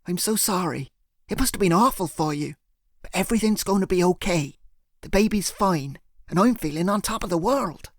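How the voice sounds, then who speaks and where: A man's voice: high voice, animated, normal speed, dry recording, studio quality, pitched above the performer's own voice. A man voicing a cheerful, affectionate young pregnant woman who gushes. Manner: gushing, bubbly.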